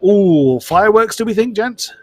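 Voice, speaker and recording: A man's voice: high voice, lively intonation, moderate pace, no room sound. Chatty man commentating a sim race. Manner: chatty, self-deprecating, stumbles over names.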